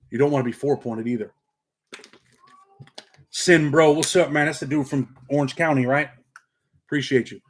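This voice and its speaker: A man's voice: mid-range voice, steady tone, normal speed, long pauses, slightly rough. A middle-aged man from Rochester, New York, with a slightly country upstate accent, hosting a casual livestream and chatting with viewers in streetwise slang, saying "man" constantly. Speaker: channel host and paralegal. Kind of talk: casual livestream chat, reading comments.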